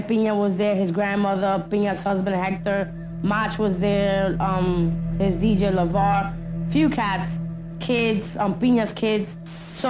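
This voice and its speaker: A woman's voice: medium pitch, poor audio. A woman retelling hard memories in a candid documentary interview, blunt and full of street slang.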